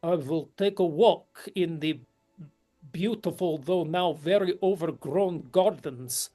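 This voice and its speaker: A woman's voice: low-pitched, measured pace, dark tone, faint music behind. A woman voicing an indignant young nobleman who speaks curtly in a tabletop role-play.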